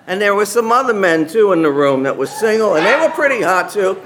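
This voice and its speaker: A man giving a personal testimony to a gathered group, an animated storyteller who acts out other people's lines and laughs often. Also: sits high, brisk, hardly any pauses, a loud crowd, heavy background noise. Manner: laughs often while talking. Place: meeting room with a gathered group.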